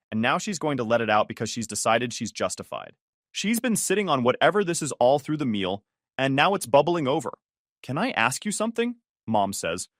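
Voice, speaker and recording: Guy narrating a reddit-style story, lively up and down voice, dry close recording. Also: mid-range voice, dry recording. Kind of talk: first-person story narration.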